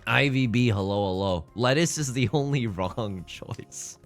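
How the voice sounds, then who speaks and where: Speaking at a measured pace in a medium-pitched voice, a man streams a game and chats jokily, rambling and echoing his own phrases. He greets chat by name mid-sentence while soft music plays underneath.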